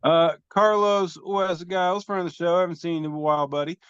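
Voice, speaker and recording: Male podcast host, rambling and self-mocking, slightly high voice, lo-fi call sound. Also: steady tone, fairly quick, a bit bright, clear, resonant tone, no echo. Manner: rambling, self-deprecating, swears casually. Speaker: podcast host reading memes. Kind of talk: casual chat, describing memes aloud. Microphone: video call.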